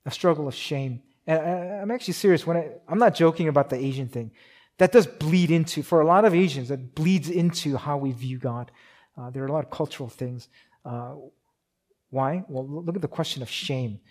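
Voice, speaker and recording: Delivering a conversational sermon, this pastor's voice is on the high side. His speech is full of restarts and fillers, rising in volume to stress ideas and dropping quiet and slow when he reaches key points.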